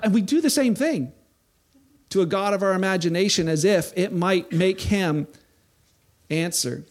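A man giving a sermon as a pastor, animated, acting out the voices of people he quotes. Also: sits high, measured pace, long pauses.

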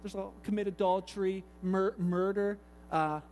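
Animated high-voiced male preacher in a reverberant hall. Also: moderate pace, soft background music. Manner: animated, acts out conversations, gets loud and excited. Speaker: pastor. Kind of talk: sermon with storytelling.

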